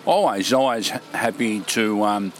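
A man's voice: fairly low pitch, unhurried, slight background noise. A middle-aged man, a market stallholder, chatting casually outdoors at a food market in a plain, easygoing way.

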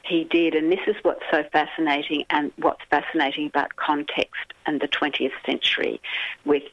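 A woman's voice: low voice, level tone, moderate pace, dry recording, lo-fi sound. A woman author, a guest on a radio interview, telling a story in an earnest, vivid way.

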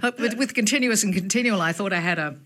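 A woman's voice: medium pitch, fast talker, fairly bright tone. A woman, a linguistics expert explaining word usage in a casual chat, thoughtful and hesitant, chuckling often.

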